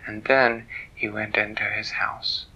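Gravelly playful bedtime storyteller, man. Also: lowish voice, level tone, measured pace, low-quality recording. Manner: gentle and playful, drops to hushed whispers.

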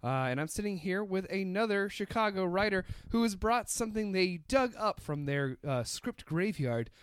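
A man's voice: sits high, lively intonation, moderate pace, smooth, no room sound, clean studio sound. Playful male podcast host. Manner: jokey, playful, puts on a monster laugh. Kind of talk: casual podcast interview.

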